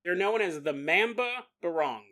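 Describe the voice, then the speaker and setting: Bright, high-voiced joking podcast man. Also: lively intonation. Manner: jokey, laughs often, slips into quick silly character voices. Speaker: podcast host. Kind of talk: comedic paranormal storytelling.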